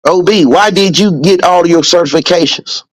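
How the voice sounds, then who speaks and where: A podcast host with a voice that sits high speaks at normal speed on a rough recording without echo. His casual motivational talk is preachy and heavily profane, hammering points home through repetition.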